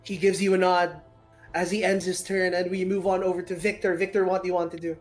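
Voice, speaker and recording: A woman narrating a tabletop game as game master, unhurried with frequent fillers. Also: fairly low pitch, level tone, darkish tone, faint music behind.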